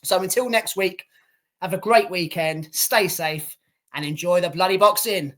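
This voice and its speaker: A British man co-hosting a casual podcast, chatty and swearing freely, talking to listeners as ladies and gentlemen. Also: sits high, moderate pace. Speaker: podcast co-host.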